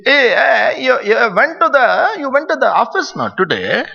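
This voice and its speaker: A man puts on a fussy middle-aged Indian father with a thick Indian English accent, pitched far above his normal voice and badgering his son with question after question. The tone is bright and gravelly, and the recording sounds dull and lo-fi. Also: sing-song, moderate pace, heavily acted. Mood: nagging. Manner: shrill, nagging questions.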